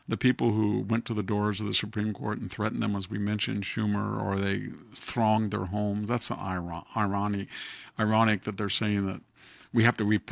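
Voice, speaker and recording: A man's voice: lowish voice, creaky, no echo. A man hosting a podcast, giving casual political commentary in a sarcastic, wry way. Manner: sarcastic, wry, laughs at his own jabs. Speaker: podcast host.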